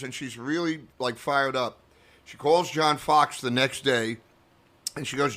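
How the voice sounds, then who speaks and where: An older man, a comedian guest, telling a story in casual chat and lively acting out the people in it. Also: mid-range voice, a little slow. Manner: animated anecdote teller who acts out quoted voices.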